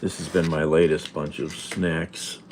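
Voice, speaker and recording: A man's voice: extremely low pitch, flat delivery, a little slow, slight background noise. A man livestreaming from home, rambling casually and talking back bluntly to viewer comments. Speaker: livestreamer reading chat. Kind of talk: casual live-stream chat.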